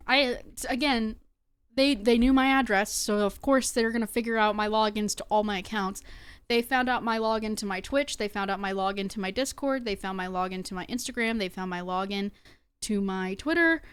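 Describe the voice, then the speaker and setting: A woman's voice: on the high side, smooth, no echo. A young woman streamer talking casually to her chat, rambling with lots of fillers and restarts. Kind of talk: casual livestream talk to chat.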